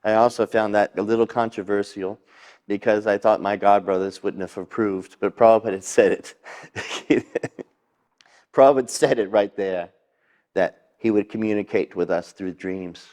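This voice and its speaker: Lower-pitched older man, halting recollection. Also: fairly even intonation, darkish tone. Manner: halting, filler-laden storytelling. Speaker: devotee sharing memories. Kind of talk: reminiscing interview.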